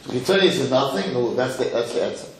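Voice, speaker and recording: A middle-aged man, a rabbi, giving an animated lesson to a live audience, repeating phrases and putting questions to the room. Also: medium pitch, quick pace, a little hiss or hum. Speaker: rabbi teaching a class. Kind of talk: Torah lecture to a live audience. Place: lecture hall with audience. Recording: echoey hall.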